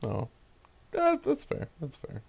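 A man's voice: on the high side, huge pitch swings, slow, gravelly, darkish tone, breathy edge. A man co-hosting a casual chat, laid-back and given to laughter and sarcastic asides.

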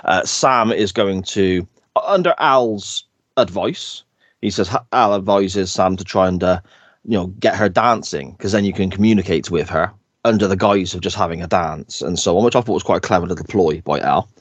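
A man's voice: low voice, normal speed, husky, dry recording. A man, co-hosting a podcast and recapping an episode in a chatty, storytelling way. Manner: chatty storyteller, laughs often. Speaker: podcast co-host. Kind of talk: casual episode recap chat.

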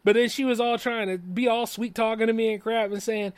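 A man's voice: very high voice, fast, hardly any pauses, no room sound. A young man hosting a solo podcast, telling stories in a blunt, profane rant and chuckling often. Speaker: podcast host.

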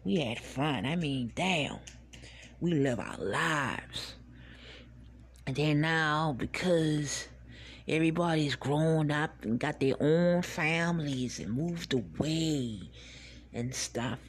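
A woman with a low, husky voice speaks at a slow pace as she hosts a podcast. In a casual monologue, she rambles through laid-back childhood stories, swearing and laughing as she reminisces.

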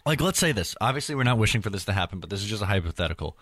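A man's voice: lowish voice, very animated, very fast, a bit bright, dry recording. A man hosting a hockey podcast in casual chat, steering the talk and citing stats.

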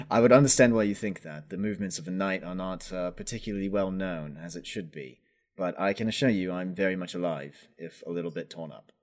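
A man's voice: deep voice, a little fast, lightly acted. A man voicing a battered knight who speaks formally and insists on who he is. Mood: reassuring. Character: weary male knight returning home.

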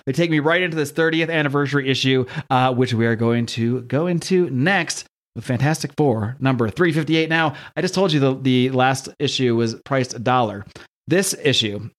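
A man talks quickly and loosely through a comic book recap, in a steady mid-range voice. He laughs now and then and slips into voices for the characters' lines. It is a casual podcast chat. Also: medium pitch. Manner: fast, chatty, laughs often, reads comic lines in voices.

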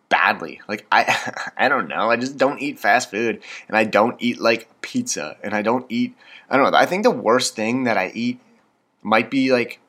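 A Canadian-accented man in his twenties, hyped up on coffee, hosts a casual solo podcast, rambling and self-deprecating with plenty of fillers. His voice is lowish with a sharp tone.

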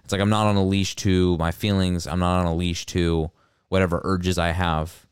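A young man co-hosting a casual podcast chat, jokey and quick to jump in, speaking into a handheld mic. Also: sits low, level tone, clean tone, no room sound, studio quality. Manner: jokey, talks over others. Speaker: podcast co-host.

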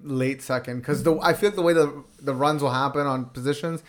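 A young man co-hosting a sports podcast, jokey and quick to jump in. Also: medium pitch, fairly even intonation. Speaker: podcast co-host. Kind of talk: casual sports chat.

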